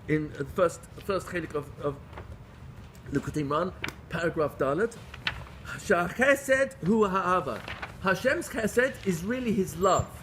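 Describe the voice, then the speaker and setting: A middle-aged rabbi teaching a lively class, speaking with emphasis, repeating phrases for stress and posing rhetorical questions. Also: male voice, high voice, slight background noise. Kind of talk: lively Torah lecture.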